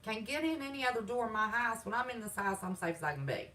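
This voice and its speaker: A woman's voice: a little high, lively intonation, fast talker, sharp tone, recorded from a distance, poor audio. A woman with a Southern accent from West Virginia, hosting a livestream from her home, talking in a sassy, defiant, folksy way while reading chat. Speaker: channel host. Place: home, indoors.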